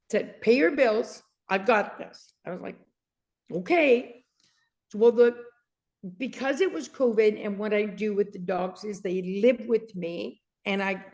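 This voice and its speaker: A woman in her sixties from Canada, a guest author recounting a story with frequent laughter and acted-out dialogue. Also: a little high. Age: 60s. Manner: lively, laughs often, acts out quoted dialogue. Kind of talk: animated storytelling in an interview.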